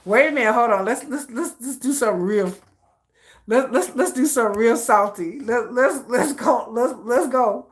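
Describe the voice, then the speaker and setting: Giggly, teasing woman streamer with a high voice. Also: normal speed. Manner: giggly, teasing, laughs often. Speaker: livestream host. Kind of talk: casual livestream chat.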